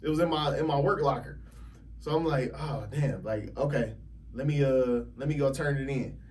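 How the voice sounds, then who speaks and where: A man telling a story on a podcast as a realtor guest, animated and laughing often as he acts out other people's lines. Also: mid-range voice, moderate pace, distant mic, a little hiss or hum. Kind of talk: casual storytelling.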